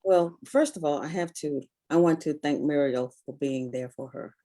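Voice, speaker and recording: Older woman, mellow measured voice. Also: deep voice. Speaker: guest, mother of a guest. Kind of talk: talk-show conversation.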